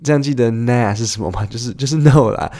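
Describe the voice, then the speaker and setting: A man's voice: medium pitch, quick pace, warm tone. A man teaching English in a chatty, playful way, acting out short dialogues as he explains clips.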